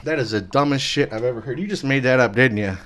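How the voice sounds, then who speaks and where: A man hosting a comedy talk show, halting and full of ums and uhs. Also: medium pitch, fairly bright tone, dry recording. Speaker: host.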